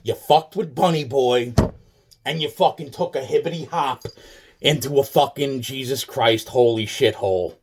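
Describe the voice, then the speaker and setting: A man's voice: mid-range voice, moderate pace. A man delivering a rambling, agitated monologue, swearing constantly and repeating himself. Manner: profane, agitated, repetitive ranting.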